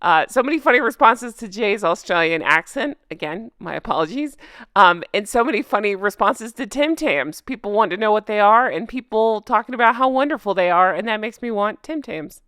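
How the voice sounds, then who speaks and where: A woman's voice: medium pitch, lively intonation, a little fast, a bit bright, no room sound, studio quality. A woman hosting a casual commentary vlog, sarcastic and laughing often. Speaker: commentary channel host. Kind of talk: casual commentary vlog, reading news aloud.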